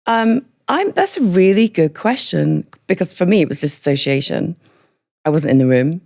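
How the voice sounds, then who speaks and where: A woman with a hybrid northern English and Scottish accent tells her story in a candid interview. Her voice sits low and carries a gravelly rasp. She is frank and chatty and laughs often. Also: animated, moderate pace, a little mellow. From northern England. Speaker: podcast guest.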